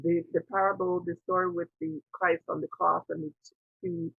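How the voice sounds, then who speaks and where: A woman's voice: fairly low pitch, flat delivery, moderate pace, gravelly, husky, dry recording. A woman priestess hosting an interview, telling her spiritual story in an earnest, digressive way and quoting her own past thoughts aloud. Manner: earnest, digressive, with quoted inner dialogue. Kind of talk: reflective personal storytelling. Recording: tinny phone-like line.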